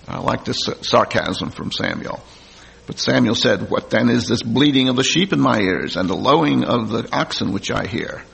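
A man's voice: medium pitch, lively intonation, normal speed, gravelly, fairly bright tone, breathy edge. A man preaching a sermon, reading scripture aloud and then commenting plainly to the congregation. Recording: long hall reverb.

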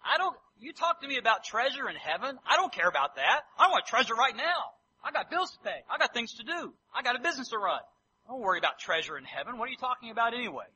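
A man's voice: very high-pitched, sing-song, fast talker, bright, forceful tone, muffled recording, slight background noise, voice pushed up, full character voice. A man voicing an indignant, possessive rich young man who protests defensively.

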